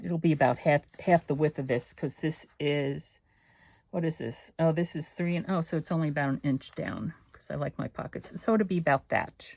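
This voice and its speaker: A woman's voice: deep voice, moderate pace, gravelly, darkish tone, dry recording. An older woman hosting a craft channel, chatting casually and rambling to herself as she works. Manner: chatty, rambling, talks to herself while working. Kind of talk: casual chat while crafting.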